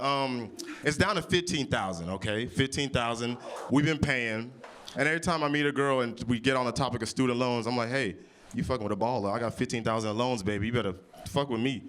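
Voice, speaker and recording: A young man from Oklahoma performing improvised stand-up comedy, loud and brash, cursing and teasing the crowd. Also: mid-range voice, a little fast, slight background noise. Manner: loud, brash, playful crowd work with swearing. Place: winery comedy stage before a live audience.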